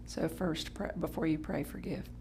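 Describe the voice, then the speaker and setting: A woman pastor preaching a Sunday sermon in a chatty, playful way, breaking into sudden high exclamations and correcting herself as she goes. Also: fairly even intonation, normal speed, vocal fry, noisy background. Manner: chatty, with restarts and self-correction. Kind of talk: live-streamed Sunday sermon.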